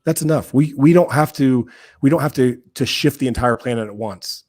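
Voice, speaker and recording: A man's voice: medium pitch, normal speed, darkish tone. A man speaking as a guest on a podcast, earnest and preacherly, repeating phrases for emphasis. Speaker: podcast guest, men's work founder. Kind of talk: impassioned conversational talk. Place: podcast recording, remote or studio.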